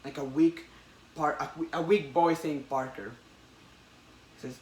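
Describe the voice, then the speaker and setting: A man hosting a casual comic book chat, retelling a story with excitement and many restarts. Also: a little high, measured pace, far from the mic. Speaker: podcast host. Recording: echoey room, faint noise.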